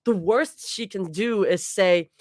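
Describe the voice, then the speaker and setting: A woman's voice: medium pitch, slow, darkish tone, dry recording, studio quality, natural voice. A woman reading as an exasperated snarky young woman.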